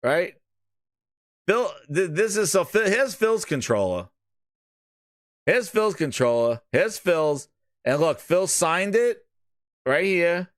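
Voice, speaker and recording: Solo male gaming host, loud mocking rants, higher voice, dry close mic. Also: takes it slowly, long pauses, no room sound. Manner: profane, mocking, animated. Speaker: podcast host. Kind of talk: casual gaming rant.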